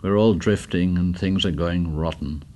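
A man reading the part of a quiet, thoughtful boy who speaks softly. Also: low voice, a little slow. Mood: subdued.

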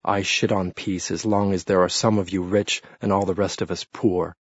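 A man's voice: low voice, flat delivery, normal speed, slightly rough, dry recording. A sneering, defiant peasant killer, as a male narrator puts him on. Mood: contemptuous defiance. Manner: contemptuous, leering, defiant taunts. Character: defiant bound peasant assassin man, sneering and blasphemous. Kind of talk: audiobook narration. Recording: dull lo-fi dry read.

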